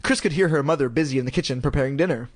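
A man narrating a storybook in parody, with deadpan crude ad-libs. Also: medium pitch, racing, dry recording, clean studio sound.

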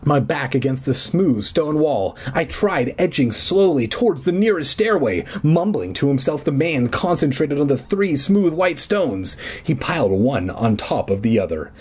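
Husky, lively man reading aloud. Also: a little high, moderate pace, hardly any pauses. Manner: playful, cracks jokes between passages. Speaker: storyteller reading a book aloud. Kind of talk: joking read-aloud narration.

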